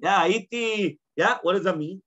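A man's voice: high-pitched, moderate pace, fairly bright tone, slight background noise. A man teaching a casual Talmud class. He reads Aramaic lines and then explains them in plain English, often checking in with "right?". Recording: dull lo-fi class recording.

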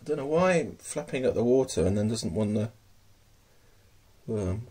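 A man's voice: mid-range voice, expressive, normal speed, mellow, slightly rough. A man casually showing his pet tarantulas at home, hesitant and full of ums, murmuring fondly to his pets. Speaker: tarantula keeper. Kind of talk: casual hobby video.

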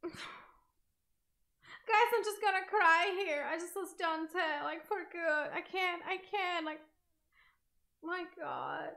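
A woman commenting on her game live for viewers. Her voice sits high and sounds bright and sharp. She talks with raw emotion and swears without holding back. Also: takes it slowly, creaky, pauses often. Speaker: gaming streamer.

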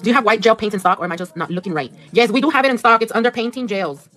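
A woman's voice: mid-range voice, animated, very fast, fairly bright tone. Chatty woman livestreaming her nail work. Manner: chatty, swears casually, mixes in Spanish, reads viewer comments aloud. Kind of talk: casual livestream chat while working. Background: music playing.

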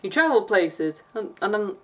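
A woman's voice: medium pitch, sing-song, normal speed. A woman from England with an English accent, chatting casually in a rambling vlog and laughing often. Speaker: vlogger.

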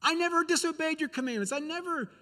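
A man's voice: very high voice, quick pace, bright, forceful tone, in a large hall, voice pushed up. Man voicing a resentful older brother. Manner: complaining, aggrieved.

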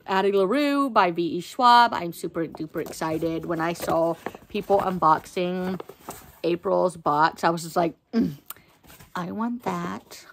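A young woman unboxes a parcel for her book channel, talking at an unhurried pace. She keeps saying how excited she is and fills her sentences with little fillers. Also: lowish voice. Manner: chatty, excitable, lots of fillers. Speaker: book vlogger. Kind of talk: casual unboxing chat.

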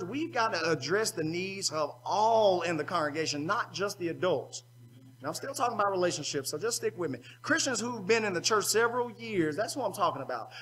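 A man's voice: high voice, pushed and bright, a little hiss or hum, rough recording. A man preaching a sermon at a youth seminar, colloquial and call-and-response in manner.

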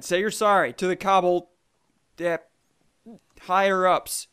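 A young man with a high voice, gaming with a friend on camera. He gets hyped and shouts in bursts, then drops to low, mumbled asides. He sounds casual and playful. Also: little pitch movement, a little slow, clear, resonant tone. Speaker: co-host. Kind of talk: excited gaming banter.

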